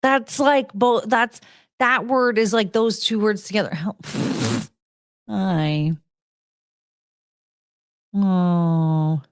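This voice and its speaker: A woman hosting her own show, chatting casually with viewers and cooing to her dogs in soft baby talk, laughing often and trailing off mid-sentence. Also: medium pitch, steady tone, drawn-out words, long pauses, clean tone, no echo, studio quality.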